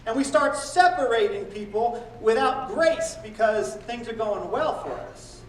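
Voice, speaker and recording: High-voiced preaching man in echoey church. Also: normal speed, hardly any pauses, recorded from a distance. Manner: animated preaching, acting out prayers and boasts in quoted voices. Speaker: pastor. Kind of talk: sermon.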